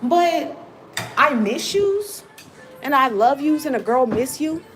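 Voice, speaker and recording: A woman's voice: sits high, big pitch swings, slow, music in the background, rough recording. A woman vlogger venting emotionally to her viewers in a hurt, rambling way. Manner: hurt, rambling, frequent fillers.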